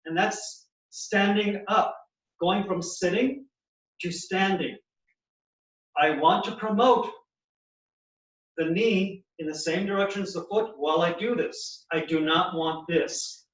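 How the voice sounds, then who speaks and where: A high-voiced male physical therapist walks through knee exercises, explaining each movement as he demonstrates it. He sounds set back from the mic in an echoey clinic room. The audio is slightly dull and muffled. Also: slow, fairly bright tone, distant mic.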